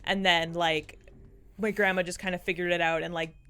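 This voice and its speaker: A woman's voice: on the low side, level tone, moderate pace, a bit bright, clear, resonant tone. A young woman co-hosting a stream, telling candid stories with casual swearing and laughter. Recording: faint music underneath.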